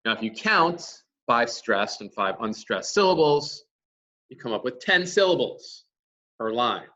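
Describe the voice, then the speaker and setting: Slow, bright-voiced male teacher lecturing. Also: mid-range voice, very animated, distant mic, dull audio. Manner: explains step by step, asks and answers his own questions. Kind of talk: classroom lecture.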